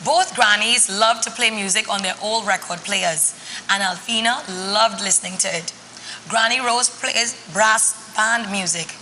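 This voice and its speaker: Bright-voiced storyteller reading to kids, teacherly questions, roomy echo. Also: female voice, mid-range voice, measured pace, a little hiss or hum. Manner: teacherly, asks the children questions. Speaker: children's storyteller. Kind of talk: reading a picture book to children.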